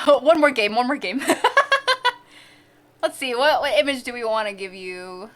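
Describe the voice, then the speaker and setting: Woman streamer, high and bright voice, giggly, casual live chat. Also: unhurried. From central United States. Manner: bubbly and giggly, with sudden squeals.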